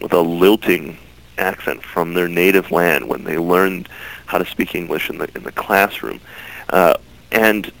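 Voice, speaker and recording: Earnest male interview guest, gravelly and animated. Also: lowish voice, poor audio. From United States. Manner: earnest, repeats words when starting phrases. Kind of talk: interview answers.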